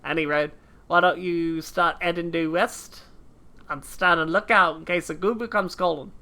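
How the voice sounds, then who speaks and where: A woman voicing a gruff, cocky male mercenary from a game, in a put-on British accent that slides into Australian, rough and swaggering. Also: lowish voice, steady tone, normal speed, pushed and bright. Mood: boastful. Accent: put-on British slipping into Australian. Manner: rough, swaggering, clipped drops like "oi" and "ain't". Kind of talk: reading game dialogue aloud.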